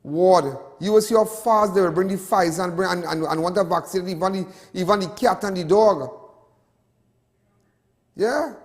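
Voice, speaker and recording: A man's voice: sits high, normal speed, big-room sound. A Trinidadian man hosting a show, ranting with passion and repeating himself. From Trinidad and Tobago. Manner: impassioned, repetitive ranting. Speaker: host. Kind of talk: ranting commentary.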